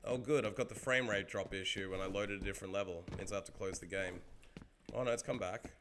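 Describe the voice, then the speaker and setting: An Australian man streaming a game, chatting casually with viewers in an excitable, rambling way and swearing freely. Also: sits low, quick pace, background noise. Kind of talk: casual chat while gaming.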